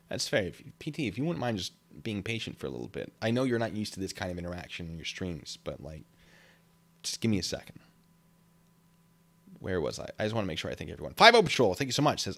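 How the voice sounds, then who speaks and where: Lively, bright-toned male livestream host. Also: low-pitched, fairly quick, gravelly. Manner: reads comments aloud with frequent fillers and laughs. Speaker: livestream host reading chat. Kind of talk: casual livestream chat.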